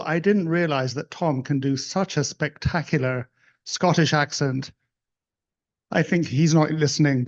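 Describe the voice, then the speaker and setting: A man hosting an investor conference, speaking in effusive, casual thank-you remarks on stage, in dull lo-fi audio. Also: a little high. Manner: effusive, heaps on praise. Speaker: event host. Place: conference room.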